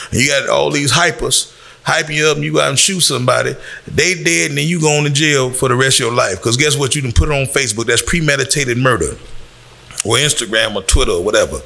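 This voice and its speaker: A gravelly man from Chicago giving a blunt lecture to the youth. His voice is bright and a little tense, and it rises when he hammers a point home. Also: mid-range voice, fairly quick. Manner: blunt, lecturing, rising on emphasis. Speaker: community speaker. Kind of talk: preaching to young people.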